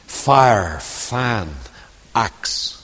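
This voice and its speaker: A man with a lilt preaching a storytelling sermon, dropping to quiet asides and rising to loud, ringing declamation. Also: medium pitch, expressive, extremely slow, breathy edge. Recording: long hall reverb.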